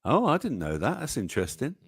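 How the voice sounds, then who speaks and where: A man, co-hosting a live online chat show. He tells anecdotes with a lot of laughter and a lively up-and-down pitch. The sound is dry and close. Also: quick pace, creaky, slightly rough, dry recording. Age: 60s. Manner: chatty, laughs often, tells stories animatedly. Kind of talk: casual chat reading viewer comments.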